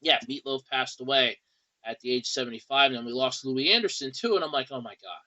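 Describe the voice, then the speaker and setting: A man's voice: medium pitch, fast talker, bright, forceful tone, rough recording. A man hosting a podcast in a casual, rambling monologue with a wry tone and lots of fillers, speaking. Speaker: podcast host.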